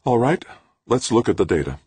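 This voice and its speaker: A man's voice: mid-range voice, very animated, a little fast, a little mellow, breathy edge, no room sound, pitched above the performer's own voice. A man voicing a serious, businesslike woman scientist in an audiobook, curt and focused. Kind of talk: audiobook character voice.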